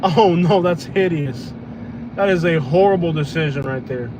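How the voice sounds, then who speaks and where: A man's voice: on the high side, normal speed. A man, chatting loosely and joking while driving for food delivery on a live stream. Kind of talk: casual livestream chat while driving. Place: inside a car on the road. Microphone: phone on live stream. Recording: noisy car cabin.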